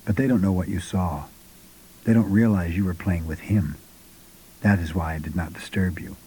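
A man's voice: low-pitched, steady tone, moderate pace, warm tone, slightly rough, voice pushed down, poor audio. A man voicing an old male sorcerer who talks in a curt, insistent way as a patient, stern teacher in an audiobook. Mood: calm.

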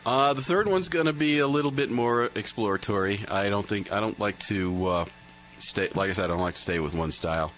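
A man with a somewhat low voice chats casually about his music, often stalling on fillers and restarting his sentences. A faint hum sits behind him. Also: brisk, a bit bright, low-quality recording. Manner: hesitant, many fillers and restarts. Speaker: musician guest. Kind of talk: casual interview chat.

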